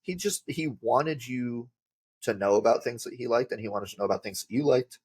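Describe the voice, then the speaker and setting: A man's voice: mid-range voice, fairly quick, a little mellow, breathy edge. A man, a podcast guest telling rambling casual stories with lots of filler words. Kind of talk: casual storytelling.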